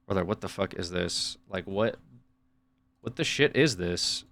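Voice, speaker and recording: A man's voice: low-pitched, animated, measured pace, gravelly, a bit bright. A man from the United States, streaming live and reacting to chat with sarcastic, profane, rambling rants.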